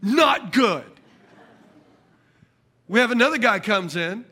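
Male preacher, high bright voice, animated comic sermon style. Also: slow. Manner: animated, jokey, calls out to the congregation.

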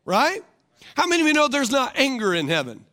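A man's voice: very high voice, huge pitch swings, a little fast, bright, forceful tone. A male pastor preaching a sermon. He repeats his questions and keeps asking the congregation for responses. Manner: rhetorical, calls for congregation responses.

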